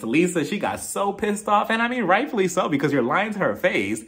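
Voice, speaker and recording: A man's voice: sits high, sing-song, a little fast, few pauses, fairly bright tone, slight background noise. A man casually recapping a reality TV episode in a gossipy, chatty way, full of fillers like "like" and "I mean".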